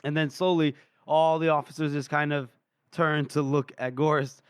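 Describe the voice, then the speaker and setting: A man's voice: fairly high pitch, moderate pace, smooth, no room sound, clean studio sound. Laughing man retelling a book scene. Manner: animated retelling with frequent laughter and acted quotes; lots of fillers and restarts. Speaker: podcast co-host. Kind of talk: casual book-discussion podcast chat.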